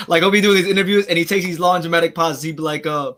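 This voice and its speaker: A man's voice: on the high side, steady tone, fast talker, fairly bright tone. A man hosting a casual livestream, reading viewer comments, rambling and repeating himself as he talks. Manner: rambling, repeats himself, laughs at his own jokes. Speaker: livestream host.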